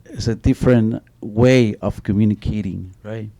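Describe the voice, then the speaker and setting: A man's voice: on the low side, steady tone, moderate pace, creaky, dark tone. A middle-aged man speaking on an author panel, telling stories animatedly with many restarts and a repeated "you know.". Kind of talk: panel talk with spoken storytelling.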